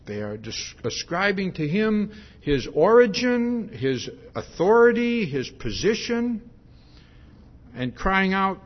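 A man preaching an expository sermon in a conversational way, often pausing to ask "see?" and restarting his sentences. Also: high-pitched, big pitch swings, muffled recording.

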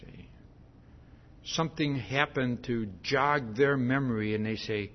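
A man preaching a sermon, slow and emphatic, tagging his points with "see?". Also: medium pitch, lo-fi sound, a little hiss or hum.

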